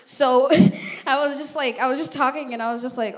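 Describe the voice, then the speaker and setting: A woman's voice: high-pitched, fast. Young woman telling her church testimony. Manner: casual, animated storytelling with acted quotes. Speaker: church member giving testimony.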